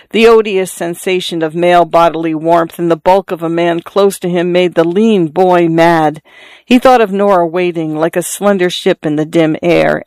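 A narrator reading a literary story aloud as an audiobook, in a measured, even storytelling manner. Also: mid-range voice, no room sound.

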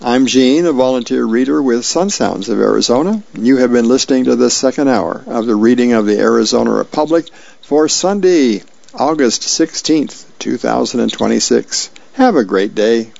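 Gravelly folksy volunteer radio reader, man. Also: mid-range voice, darkish tone, no room sound. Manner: folksy, unhurried, with small slips and asides. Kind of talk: reading comics and birthdays aloud for radio. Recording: dull lo-fi radio recording.

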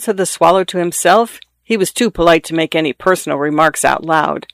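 High-voiced man reading a storybook aloud. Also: steady tone, brisk, vocal fry, hardly any pauses, fairly bright tone, clean tone, dry recording. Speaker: narrator.

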